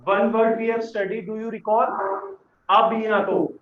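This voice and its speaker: A man teaching a beginners' French lesson, patient and repeating words slowly for learners. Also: high voice, level tone, a little hiss or hum. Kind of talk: classroom lesson explanation. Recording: echoey room, dull lo-fi sound.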